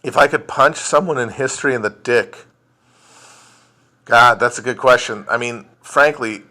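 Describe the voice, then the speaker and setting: A man's voice: lowish voice, bright, forceful tone. A man hosting a casual livestream chat, answering viewer questions in a blunt, profane, joking way. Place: indoors at home, streaming. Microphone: phone livestream.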